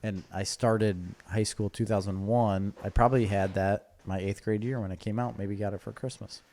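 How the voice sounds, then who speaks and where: A young adult man co-hosting a casual podcast, joking around and quick to dispute what he hears. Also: on the low side, fairly even intonation, darkish tone. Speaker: podcast co-host. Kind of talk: casual chat.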